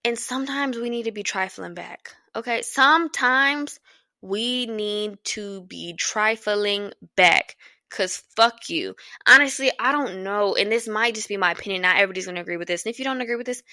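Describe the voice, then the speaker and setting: Solo podcast host, woman in her twenties, bright and blunt, dry close sound. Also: medium pitch, fast, no room sound. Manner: blunt, profane, rambling with bursts of laughter. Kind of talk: casual solo podcast monologue.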